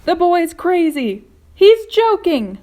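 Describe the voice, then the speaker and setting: A woman reading aloud, voicing a fearful, indignant earthworm who protests in a shrill voice in a storybook. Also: fairly even intonation, fairly quick, a little mellow, close to an everyday voice. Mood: scornful.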